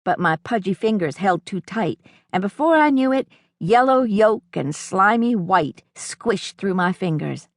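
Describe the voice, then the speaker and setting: A woman's voice: medium pitch, expressive, unhurried, no echo. A woman audiobook narrator reading a first-person novel in a reflective storytelling manner, recorded in a studio.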